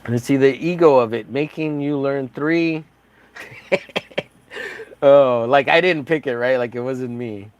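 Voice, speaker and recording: Man, livestream painter, mid-pitch, rambling jokey chatter, self-deprecating. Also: unhurried, pauses often, clear, resonant tone. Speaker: livestreaming artist. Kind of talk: casual livestream chat while painting.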